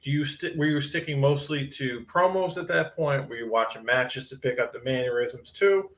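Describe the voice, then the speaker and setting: A man's voice: medium pitch, moderate pace, a bit bright. A man hosting a podcast, asking probing interview questions with small restarts. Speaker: podcast host.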